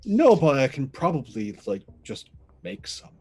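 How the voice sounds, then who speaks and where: Man, husky and lively, a tabletop player who narrates his character's actions with relish. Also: a little high, measured pace, soft background music. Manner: enthusiastic, describes his character's actions in third person. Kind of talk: playing a tabletop spy game over a video call.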